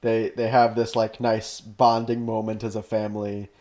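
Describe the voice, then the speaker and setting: A man's voice: on the low side, flat delivery, normal speed, a little mellow. A man co-hosting a podcast in casual chat, rambling through ideas with lots of "like" and restarts. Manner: rambling, full of "like" and restarts, laughs often. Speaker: podcast co-host.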